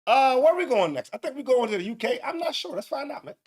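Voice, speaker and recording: A man's voice: very high voice, big pitch swings, fast. A man from Canada hosting a morning talk show, reacting to clips in loose, profane, laughing commentary. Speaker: show host. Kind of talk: casual commentary.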